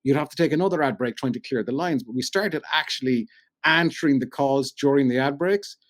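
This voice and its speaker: A man's voice: mid-range voice, brisk, dry recording. A man with a Cork Irish accent, a radio presenter telling stories in a rambling, chatty way as a podcast guest. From Ireland. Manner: chatty storyteller, rambling with many "you know"s. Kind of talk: casual podcast chat.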